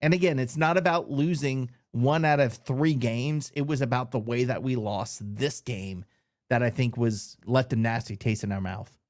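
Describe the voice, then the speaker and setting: A man's voice: mid-range voice, moderate pace, darkish tone. A man co-hosting a sports podcast, giving blunt, opinionated takes in casual chat. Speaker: podcast co-host.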